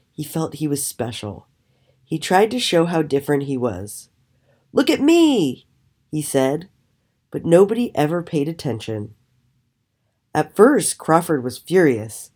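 Low, animated woman reading a storybook.

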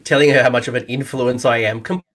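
A man's voice: medium pitch, steady tone, quick pace, a bit bright. A man with an Australian accent hosting a podcast, chatting casually and telling jokey stories. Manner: jokey, laid-back storytelling. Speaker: podcast host. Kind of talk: casual chat.

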